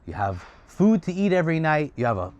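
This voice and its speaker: A man's voice: on the high side, big pitch swings, brisk, muffled recording. A domineering king talks down to a young rebel, scolding him about his comforts. He sounds condescending and impatient, as a male storyteller voices him plainly. The voice stays close to an ordinary speaking tone.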